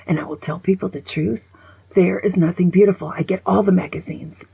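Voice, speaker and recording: A woman over sixty-five giving a casual, opinionated monologue as a vlogger. She is an animated, grumbling storyteller who often drops to a whisper. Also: fairly low pitch, a little fast, gravelly, husky, no room sound, rough recording.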